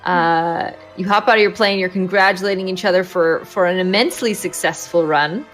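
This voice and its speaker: A woman's voice: lowish voice, a little fast, faint music behind. A woman narrating a tabletop game as game master, with lots of hesitant ums and uhs.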